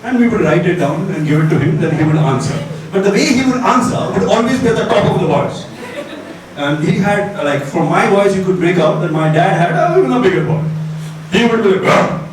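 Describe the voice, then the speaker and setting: A young man doing a stand-up set at a college festival, telling a story with animated delivery and low deadpan asides. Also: a little fast. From Bengal, India. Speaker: stand-up comedian. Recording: echoey hall with crowd noise, far mic.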